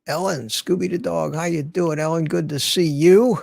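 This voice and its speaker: Older livestream host, gravelly, raised pitch, dry close sound, chatty and rambling. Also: male voice, steady tone, moderate pace, darkish tone, no echo. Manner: rambling, greets viewers by name. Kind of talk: casual livestream chat. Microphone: studio mic through a mixer.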